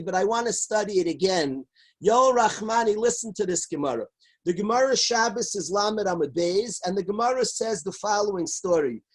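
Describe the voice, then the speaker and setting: High, husky-voiced rabbi teaching Talmud. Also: male voice, poor audio. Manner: reads Hebrew and Aramaic lines, then translates them line by line; lively storyteller who shouts out the characters' lines. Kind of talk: animated Torah lecture storytelling.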